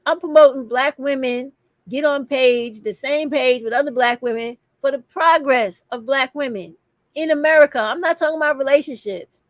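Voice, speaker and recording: A woman's voice: high voice, moderate pace, no echo, clean studio sound. A middle-aged woman, hosting an impassioned livestream, emphatic and profane. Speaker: livestream host.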